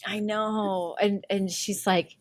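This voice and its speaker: A woman's voice: mid-range voice, fairly even intonation, slow, dry recording. A woman hosting a podcast, retelling a story in casual chat, giggly and full of "like" fillers. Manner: giggly, chatty, lots of "like" fillers. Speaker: podcast host.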